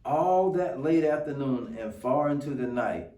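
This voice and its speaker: A man, a guest reader, reading a picture book aloud in an unhurried, expressive way. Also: medium pitch. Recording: roomy, distant mic.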